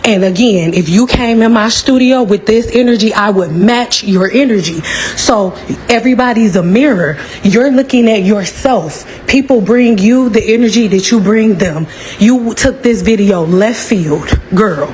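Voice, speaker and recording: A woman's voice: medium pitch, a little slow, a little mellow. A young woman hair stylist talking straight to camera in a blunt, confrontational, sassy way. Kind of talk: casual direct-to-camera rant.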